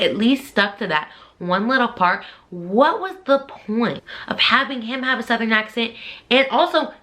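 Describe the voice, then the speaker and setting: A woman book vlogger giving a casual, opinionated review, chatty and expressive with sudden jumps upward in pitch.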